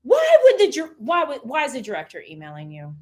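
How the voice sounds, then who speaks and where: A woman's voice: sits high, fairly quick. A woman talking casually and emphatically on a livestream, addressing her viewers directly as host. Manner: chatty, emphatic, animated.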